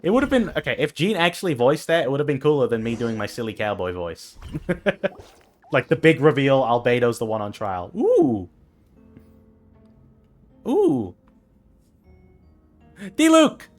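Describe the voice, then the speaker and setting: A man streamer giving casual, gushing commentary while playing a game, an excitable fan. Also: medium pitch, a little slow, pauses often, faint music behind.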